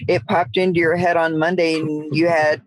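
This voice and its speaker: A woman's voice: low voice, level tone, moderate pace, no echo, rough recording. A woman with a Southern US accent co-hosting a podcast in casual chat, friendly and prone to restarting her sentences. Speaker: podcast co-host.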